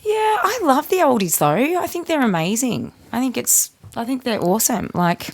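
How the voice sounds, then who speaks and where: A woman, a guest on a podcast, talking in a chatty way with quick jokey asides. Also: on the high side, sing-song. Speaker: guest, band member. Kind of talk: casual interview chat.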